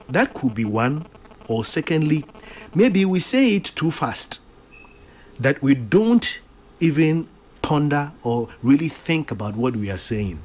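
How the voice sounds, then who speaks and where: Ghanaian guy preaching on the radio, slow and sing-songy, keeps repeating the key lines. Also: mid-range voice. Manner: switches between English and Twi, repeats lines for emphasis. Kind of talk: daily devotional sermon on radio.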